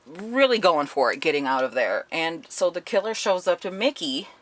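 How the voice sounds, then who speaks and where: A woman talks through a book review in a loose, conversational way, swearing freely as she retells the plot with open indignation. Her voice sits on the lower side for a woman. The sound is dry and close, with no room echo. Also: big pitch swings, normal speed. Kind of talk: casual spoken book review.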